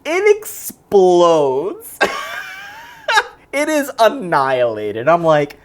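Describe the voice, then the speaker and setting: A podcast co-host talks casually about a movie, recounting it scene by scene with animation and doing voices for the lines. His voice is a little high and he speaks extremely slowly.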